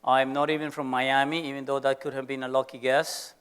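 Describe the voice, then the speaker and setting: A man's voice: mid-range voice, flat delivery, fairly quick, fairly bright tone, smooth. A middle-aged man with a Venezuelan Spanish accent, a business school professor giving a playful, teasing lecture to students in an auditorium.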